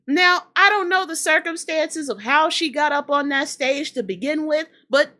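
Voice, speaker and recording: A woman with a high, bright, sharp-edged voice hosts a casual hip-hop commentary. She rants bluntly and profanely, hammering her points by repeating them. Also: very animated, normal speed, few pauses. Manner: emphatic, repeats lines for effect.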